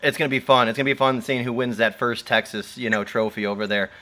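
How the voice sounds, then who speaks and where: Male host, mid-pitched, loose and rambling. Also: fairly even intonation, quick pace, pushed and bright. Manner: rambling, heavy fillers, laughs often. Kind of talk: casual livestream chat.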